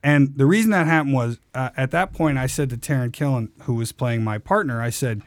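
A man in his forties, a guest actor on a podcast, telling stories in an animated way, swearing freely and acting out the people he quotes. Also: medium pitch, a little fast, hardly any pauses, dry recording, clean studio sound. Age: 40s. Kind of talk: casual podcast storytelling.

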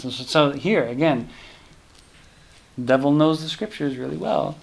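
A man's voice: fairly high pitch, measured pace, creaky, pauses often, breathy edge. A man teaching a scripture class in a casual, rambling way, often breaking off and restarting. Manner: rambling, self-interrupting, many fillers.

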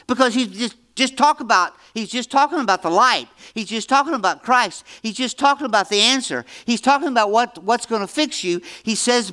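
High, bright-voiced man in his seventies preaching. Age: 70s. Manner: emphatic, repeats phrases, swings between loud and hushed. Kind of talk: Bible-teaching sermon.

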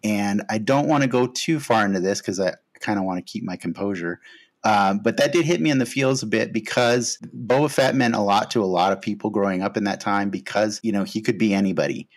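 A man hosting a podcast in casual chat, relaxed and hesitant, with frequent fillers. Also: fairly low pitch, fairly quick. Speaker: podcast host.

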